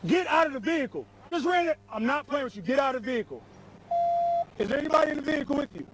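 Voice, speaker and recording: A male state trooper, shouting repeated forceful commands at a traffic stop. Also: very high voice, expressive, racing. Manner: forceful, repetitive barked orders. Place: outdoors at a roadside traffic stop. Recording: noisy roadside police camera audio.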